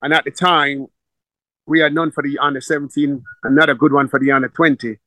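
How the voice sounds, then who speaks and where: A middle-aged man, a football coach telling stories in a conversational, animated way, repeating words and laughing as he goes. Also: on the high side, a little fast, no echo. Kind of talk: conversational storytelling.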